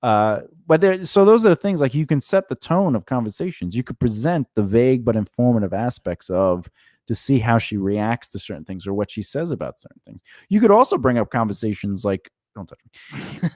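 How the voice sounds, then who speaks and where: Male podcast co-host, animated and jokey, breaks into laughter, close dry mic. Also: mid-range voice, brisk, dry recording. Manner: laughs often, acts out quotes in silly voices. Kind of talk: joking casual chat.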